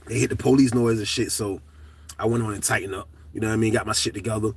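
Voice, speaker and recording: Middle-aged man, loose profane storytelling vlog, husky bright voice, slightly distant mic. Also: lowish voice, fairly quick. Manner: animated, profane, shouts at peaks of the story. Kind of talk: casual storytelling to camera.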